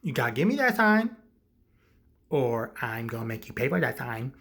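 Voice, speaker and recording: A man voicing a gruff, blunt male boss who accuses and scolds in a comic movie recap. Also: medium pitch, very animated, normal speed, a bit bright. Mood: accusing.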